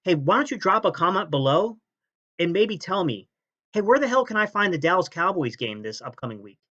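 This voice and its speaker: A man hosting a sports fan channel, ranting and mocking rival fans' comments, jumping between loud jabs and low sneers. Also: big pitch swings, a little fast, lo-fi sound. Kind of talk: fan reaction rant.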